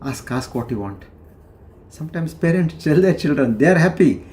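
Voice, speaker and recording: A man giving a devotional discourse on scripture, explaining slowly with pauses and sudden rises in pitch. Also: expressive, a little mellow, a little hiss or hum. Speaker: spiritual teacher.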